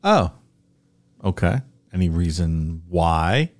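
Slightly low-voiced man reacting on a podcast. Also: sing-song, slow. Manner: asks questions and reacts, joking. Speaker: podcast co-host. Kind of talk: casual chat.

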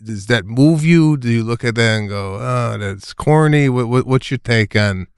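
A man hosting a casual podcast, asking his guests eager, animated questions. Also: mid-range voice, moderate pace, smooth, dry recording, clean studio sound. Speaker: podcast host.

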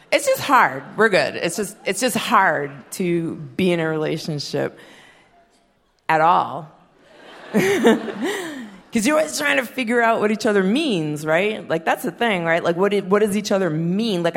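A woman in her thirties doing a profane, deadpan stand-up set, acting out quotes in her stories. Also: on the low side, a little slow, vocal fry. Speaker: stand-up comedian. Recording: long reverb of a performance hall.

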